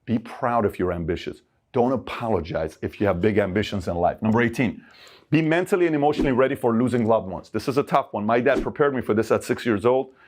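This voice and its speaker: A middle-aged man from Iran giving a motivational talk of life advice, emphatic and animated, acting out the people he quotes. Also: on the low side, fast talker.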